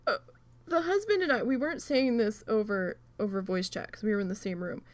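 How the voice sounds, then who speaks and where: A woman telling a story in a casual chat while crafting, animated and swearing often. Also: mid-range voice, fairly quick, no echo. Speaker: channel host.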